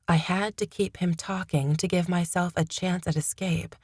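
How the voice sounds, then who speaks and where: Female audiobook narrator, low, measured delivery, dry studio read. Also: fairly even intonation, a little mellow, breathy edge, dry recording. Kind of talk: first-person audiobook narration.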